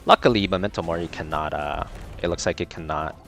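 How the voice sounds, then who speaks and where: A man with a very low voice comments live on his own gameplay. He talks casually to his chat and keeps ranting in exasperation about his teammates. Faint game music plays behind him. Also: fairly quick, fairly bright tone. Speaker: game streamer.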